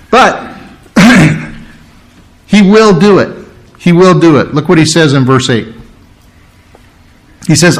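A pastor preaching a sermon, emphatic and conversational, slowing down to read scripture and repeating key phrases. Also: male voice, fairly high pitch, low-quality recording. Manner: conversational, with frequent restarts and throat clearing.

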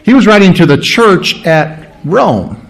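A man's voice: high-pitched, big pitch swings, unhurried. Man preaching an expository sermon. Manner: teaching, explains word meanings, asks rhetorical questions; clears throat, fillers. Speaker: pastor.

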